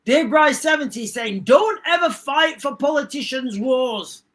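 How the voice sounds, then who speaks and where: A man's voice: extremely high pitch, lively intonation, measured pace, fairly bright tone. Rambling man ranting on stream. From England. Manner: rambling, repeats himself, self-interrupting. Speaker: live streamer. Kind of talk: casual livestream rant.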